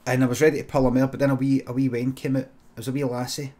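A man with a Scottish accent improvising a comic story on a stream, deadpan and sweary, breaking into sudden shouts. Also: mid-range voice, racing.

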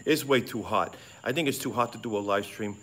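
A middle-aged man live-streaming outdoors at night by a pond on a phone, rambling, excitable and swearing freely while sweating in the heat. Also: on the low side, brisk. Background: frogs and insects chirping.

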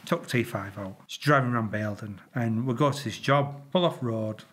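A man's voice: mid-range voice, normal speed. A middle-aged man with a Yorkshire accent, a retired traffic police officer, telling stories casually to camera, swearing freely and acting out sound effects. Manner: animated, swears freely, makes sound effects, stumbles and repeats.

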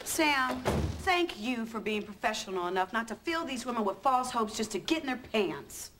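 An actress playing a sharp, sarcastic ad executive in a sitcom. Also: female voice, a little high, expressive, moderate pace, a loud crowd, heavy background noise, lightly acted. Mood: dry. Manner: dry, scolding, sarcastic. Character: sharp, principled woman ad executive. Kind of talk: sitcom acting.

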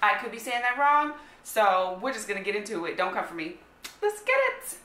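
Bright, high American woman, excitable reaction host, echoey room, faint music behind. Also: fairly quick. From United States. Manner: excitable, gushing, slangy. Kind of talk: casual reaction vlog chat. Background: faint music playing.

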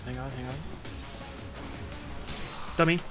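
A young man giving excitable, swearing, self-mocking commentary while he plays a game. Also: mid-range voice, takes it slowly, music in the background. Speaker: gamer. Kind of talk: casual gameplay commentary.

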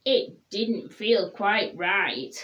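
A woman reading a children's picture book aloud in a gentle, expressive storybook voice. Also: mid-range voice, very slow, muffled recording.

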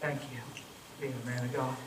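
A man preaching a sermon, telling a story and acting out the voices in it, then softly pleading with people to come forward. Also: mid-range voice, level tone, moderate pace. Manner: storytelling, acts out quoted voices, urgent then soft pleading. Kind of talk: sermon with altar call. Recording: echoey, from far off, faint noise.

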